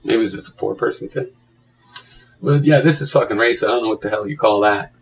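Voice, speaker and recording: A man's voice: lowish voice, fairly quick, slight background noise, low-quality recording. A man reading blog comments aloud and mocking them in a sarcastic, profane running commentary.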